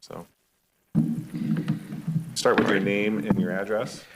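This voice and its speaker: A man acting as mayor, chairing a public hearing in a city council chamber, polite and procedural with occasional halting restarts, speaking into a desk microphone. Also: lowish voice, steady tone, very noisy.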